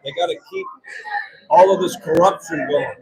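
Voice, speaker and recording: A man's voice: a little high, moderate pace, a little mellow, poor audio. A man ranting to camera in a blunt, profane, repetitive way, as a citizen auditor vlogger. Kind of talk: casual rant to camera.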